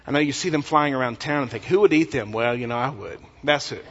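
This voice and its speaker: A pastor from West Texas, preaching an animated, folksy sermon full of humor. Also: male voice, mid-range voice, fast. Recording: echoey hall, dull lo-fi sound.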